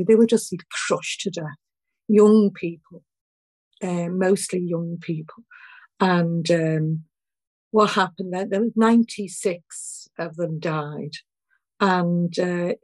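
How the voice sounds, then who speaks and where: An older woman from Liverpool with a Scouse accent, an activist answering an interview in a heartfelt, halting way and fighting back tears. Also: on the low side, darkish tone, dry recording, low-quality recording. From Liverpool, England. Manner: heartfelt, halting, many restarts. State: near tears. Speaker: activist guest.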